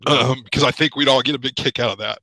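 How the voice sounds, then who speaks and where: A man in a podcast video call, talking haltingly with many pauses and fillers, choked up with emotion. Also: medium pitch, fairly even intonation, pushed and bright, no room sound, rough recording. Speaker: podcast panelist. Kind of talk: emotional casual chat. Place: home.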